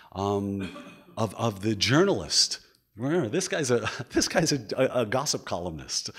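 A man lectures at a museum with animated enthusiasm, thinking aloud, often repeating words and filling pauses. His voice is fairly low in pitch.

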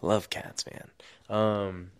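Laid-back lower-voiced young man. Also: little pitch movement, drawn-out words, clean tone, no echo. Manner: laid-back, swears a lot, laughs often. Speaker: podcast co-host. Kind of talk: casual chat.

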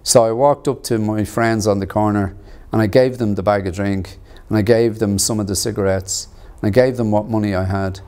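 A middle-aged man from tells his own story in an interview, in a lowish voice. He speaks in an earnest, measured way, pausing and reaching for words. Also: fairly even intonation, warm tone, smooth. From Ireland. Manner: measured and earnest, with pauses and fillers. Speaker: actor and author interviewed about his book. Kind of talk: reflective personal storytelling.

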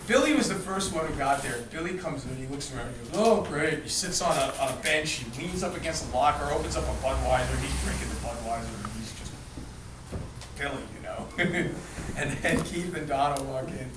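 Animated man telling a story in an echoey room. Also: medium pitch, brisk, background noise. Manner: animated, laughing, acts out quotes. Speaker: storyteller recounting a memory. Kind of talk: casual anecdote to a group. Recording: echoey room, distant mic, crowd behind.

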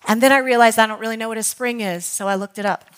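A woman teaching a Bible study in church, earnest, reading quotations slowly and now and then correcting herself. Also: on the high side, fairly bright tone. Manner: earnest, reads quotes slowly, with self-corrections. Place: church hall.

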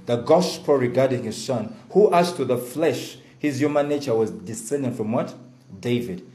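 A man's voice: medium pitch, moderate pace, echoey room, faint music behind, low-quality recording. A man preaching a sermon as pastor, asking his congregation questions and drawing replies. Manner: lively, call-and-response with the congregation. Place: church.

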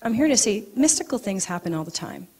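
Speaking fast in a medium-pitched, slightly rough voice, this acupuncturist gives a storytelling talk at an event venue. She laughs a lot and performs the voices of the people she describes.

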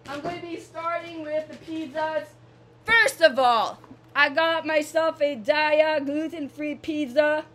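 A young woman from Canada vlogging casually, repeating herself and gushing with excitement. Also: sits high, slow pace, a little hiss or hum. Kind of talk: casual vlog monologue.

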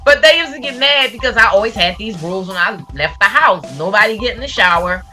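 Forties woman on a podcast, bright highish voice, laughs a lot, acts out quotes, faint music behind. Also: quick pace. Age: 40s. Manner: laughing, animated storytelling with acted-out quotes. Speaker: podcast co-host. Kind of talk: casual chat.

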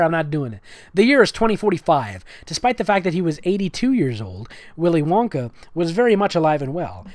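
Sarcastic comedic reader, lively pitch. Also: no room sound. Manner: sarcastic, mocking, self-correcting asides. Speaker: comedic reader of fan fiction. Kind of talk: comedic reading with sarcastic commentary.

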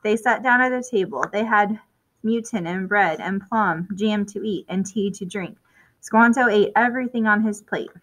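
A woman reading a children's chapter book aloud at a clear, even storytelling pace. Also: mid-range voice, moderate pace, low-quality recording. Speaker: storybook reader.

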